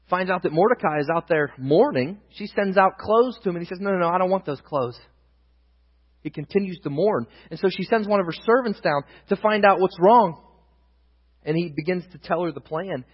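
A man with a high, husky voice preaches a sermon. He retells scripture as a story and swings between loud emphasis and hushed asides. His voice rings out with a long reverb in a big hall, and the recording sounds dull. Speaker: pastor.

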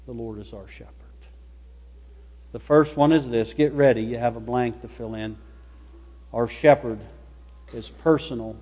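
A pastor in a church sanctuary delivers a sermon with a high, light man's voice. He speaks slowly and deliberately, leaning hard on single words. A long reverb tail from the hall hangs after each phrase. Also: darkish tone. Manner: slow, emphatic preaching, stressing single words.

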